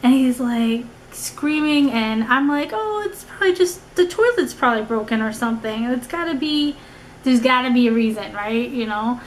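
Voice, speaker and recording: A woman's voice: fairly high pitch, normal speed, a little hiss or hum, low-quality recording. Chatty young woman telling a story. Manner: animated, rambling with many "like"s and restarts. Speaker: vlogger. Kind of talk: casual storytelling.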